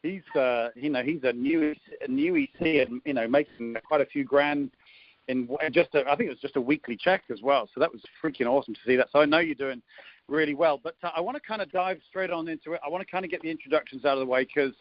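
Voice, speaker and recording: A man's voice: a little high, expressive, quick pace, no echo. A man in his fifties with an English accent, hosting a conference call interview in a chatty, teasing way with lots of ums. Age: 50s. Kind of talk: casual chat, jokey introduction. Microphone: phone line on a conference call. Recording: dull dry phone-line sound.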